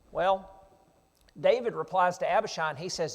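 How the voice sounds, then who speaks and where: A man's voice: high voice, moderate pace, long pauses. A man preaching a sermon. He reads scripture and retells it earnestly in plain modern words. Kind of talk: sermon with Bible reading. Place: church sanctuary. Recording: reverberant church sanctuary.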